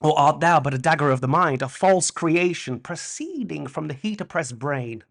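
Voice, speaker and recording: A man's voice: fairly high pitch, animated, normal speed, vocal fry. A man doing a brooding king haunted by a vision. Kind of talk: dramatic Shakespeare recitation.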